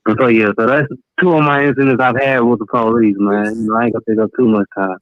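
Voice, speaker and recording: A man's voice: mid-range voice, fairly even intonation, fast talker, no room sound. Southern male caller, casual and profane, on a dry, phone-like line. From American South. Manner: casual, profane, laughs while telling stories. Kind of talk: phone-in storytelling.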